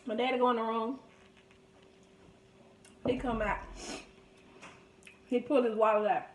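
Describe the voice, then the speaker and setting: High voiced woman vlogging, dramatic storytelling, roomy echo. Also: measured pace, a little hiss or hum. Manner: animated, dramatic retelling with loud laughing outbursts. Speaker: mukbang vlogger. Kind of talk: storytelling while eating. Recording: echoey room.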